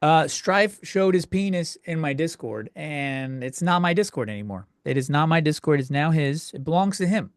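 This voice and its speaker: A young man rants crudely through his solo comedy podcast, fumbling and restarting as he gets worked up. His voice sits a bit high for a man. He is recorded close and dry at home. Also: expressive, moderate pace, hardly any pauses, no room sound. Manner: crude, exasperated ranting with frequent self-interruptions. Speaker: podcast host.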